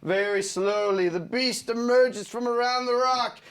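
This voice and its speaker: A man pitches a storyboard scene by scene, laughing along and slipping into character voices. His voice sits very high and he takes his time. A loud hiss runs under the old recording. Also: unhurried.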